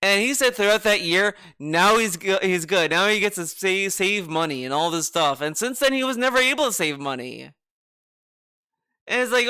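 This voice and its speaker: A man's voice: sits high, expressive, normal speed, bright, forceful tone, smooth. A man streaming, commenting on clips in a mocking, sarcastic way. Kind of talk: casual commentary.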